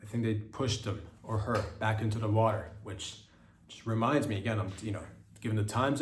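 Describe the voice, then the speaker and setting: A man hosting a solo comedic podcast monologue, rambling and repeating himself with lots of fillers, jumping into animated mock quotes. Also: lowish voice, brisk. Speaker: podcast host. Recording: echoey room.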